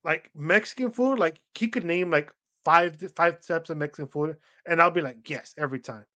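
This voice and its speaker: A young man with a fairly high voice chats on a podcast. He rambles through stories, leans on "like" and acts out other people's lines. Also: moderate pace, bright, forceful tone, lo-fi sound. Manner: rambling storyteller, acts out quoted voices, many "like" fillers. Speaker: podcast co-host. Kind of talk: casual chat.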